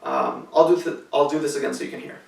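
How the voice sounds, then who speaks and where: A man's voice: fairly high pitch, steady tone, quick pace, vocal fry. Man teaching rhythm in echoey room. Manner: patient, methodical explanation with fillers. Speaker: cello teacher. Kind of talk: instructional tutorial. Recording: echoey room, mic at a distance.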